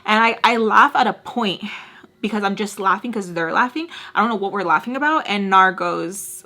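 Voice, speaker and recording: A woman telling a casual storytime rant as a beauty vlogger. She talks in a chatty, animated way, fills her speech with "like", and acts out what people said. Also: medium pitch, normal speed. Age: adult with a son and husband. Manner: chatty and animated, heavy use of "like", mimics people in quotes.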